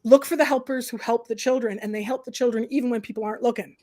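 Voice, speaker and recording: High-voiced, animated woman hosting a livestream. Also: quick pace. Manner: animated, opinionated, many "like" and "right?". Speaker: host, professor and counsellor. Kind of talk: casual livestream chat.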